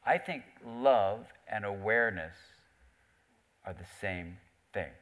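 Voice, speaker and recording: Low-voiced guy telling a story on stage, lively, does the voices of the people in it. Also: takes it slowly. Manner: animated storyteller, acts out quoted voices. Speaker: author and psychiatrist guest. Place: theater stage before an audience.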